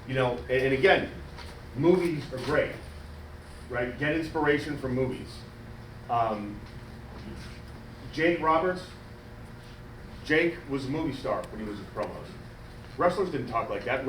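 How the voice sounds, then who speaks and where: A man coaching wrestling promos in casual, animated talk, demonstrating cadences and coaxing a student. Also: medium pitch, a little slow, pauses often, slight background noise. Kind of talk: casual teaching. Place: wrestling school training room. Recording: echoey room from far off.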